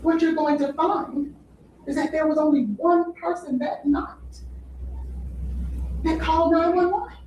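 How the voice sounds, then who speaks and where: A woman's voice: very high voice, steady tone, measured pace, long pauses, a little mellow, muffled recording, a little hiss or hum. A woman giving a courtroom opening statement as defense attorney, with emphatic repetition to the jury. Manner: emphatic, repeating "you'll hear" to a jury. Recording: echoey courtroom audio from far off.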